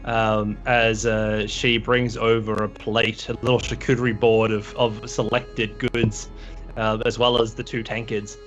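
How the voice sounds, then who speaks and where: Man, game master narration, relaxed, filler-heavy, muffled audio, faint background music. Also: on the low side, measured pace.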